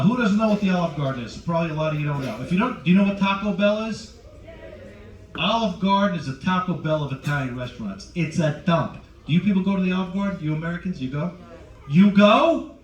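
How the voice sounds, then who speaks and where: On a cruise ship, a stand-up comic in his forties brashly teases the live audience and talks straight to them. His voice is fairly high, and the distant mic captures a roomy sound with the highs cut off.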